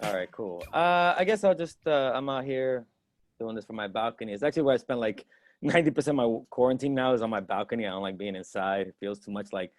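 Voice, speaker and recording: A young man from the Dominican Republic doing a loose, animated stand-up set from his home balcony, acting out quoted voices. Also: mid-range voice, fast talker, dry recording. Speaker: stand-up comic. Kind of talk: stand-up set on a video stream.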